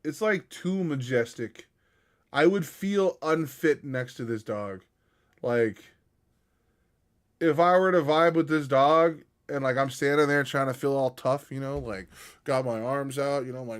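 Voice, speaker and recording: A man's voice: medium pitch, a little slow. A young man streaming, rambling in a laid-back, slangy way as he chats with his viewers. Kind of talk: casual live-stream chat.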